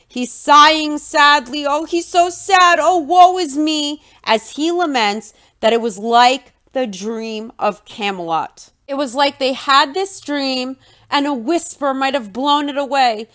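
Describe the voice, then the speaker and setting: A woman's voice: fairly high pitch, fairly bright tone. A woman hosting a podcast and recapping a reality show in a scornful, mocking way. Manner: scornful, mocks in a whiny put-on voice. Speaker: podcast host.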